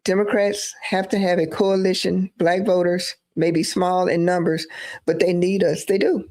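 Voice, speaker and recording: A woman's voice: fairly low pitch, level tone, unhurried, darkish tone. A woman giving emphatic live-stream political commentary, repeating phrases for emphasis.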